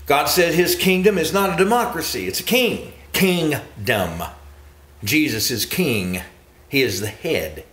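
A man preaching a sermon with emphatic repetition, often jumping to high exclamations. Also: sing-song, a little slow, fairly bright tone, reverberant.

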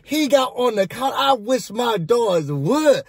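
Sassy high-voiced man recapping gossip. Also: very animated, slow, vocal fry, slightly rough, no echo, clean studio sound. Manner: sassy, chatty, talks straight to viewers. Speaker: reality TV recap host. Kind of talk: casual gossipy show recap.

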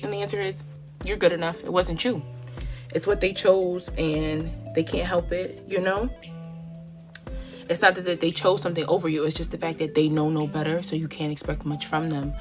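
A young woman in her twenties talks candidly while doing a full face of makeup. She is heartfelt and conversational, speaking straight to her viewers. Music plays clearly underneath her voice. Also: lowish voice. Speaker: beauty vlogger. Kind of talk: chatty get-ready-with-me monologue.

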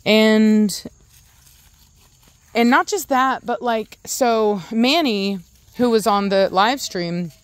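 A woman's voice: a little high, slow, long pauses, no room sound. A young adult woman hosting a casual vlog, talking in a rambling way with many restarts and stopping to coo at her dogs. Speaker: dog breeder and channel host.

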